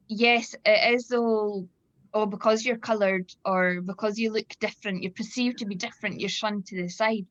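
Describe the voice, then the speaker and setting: A woman's voice: medium pitch, no room sound. A woman in her thirties with a Scottish accent, hosting a casual panel chat over a video call, talking with many fillers and restarts. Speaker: event host. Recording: dull lo-fi video call audio.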